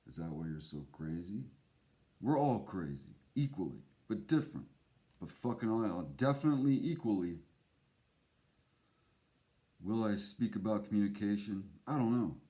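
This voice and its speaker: A man's voice: on the low side, expressive, normal speed, long pauses, mellow. A man hosting his own show in a rambling, theatrical monologue, swearing often and jumping from thought to thought. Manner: profane, erratic, theatrical. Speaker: host.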